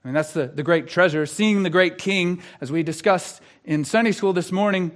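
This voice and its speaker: An earnest male pastor preaching a sermon in a slightly higher-than-usual voice. He drops to a hushed tone for questions and lifts to emphatic declarations. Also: moderate pace, few pauses.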